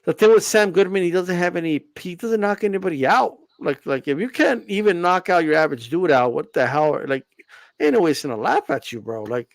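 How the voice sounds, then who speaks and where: A man with a high, bouncy voice talks boxing in an easy, joking way. His tone has a gravelly fry to it. The sound is close and dry, with no room around it. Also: fairly quick, no echo. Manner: joking, animated, lots of "you know what I mean". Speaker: boxing podcast co-host. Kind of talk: casual chat.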